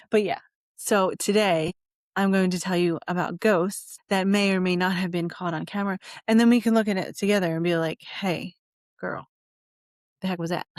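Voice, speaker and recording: A woman's voice: lowish voice, dry recording, studio quality. Giggly rambling woman podcast host. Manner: giggly, rambling, repeats herself. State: high. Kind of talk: casual chat.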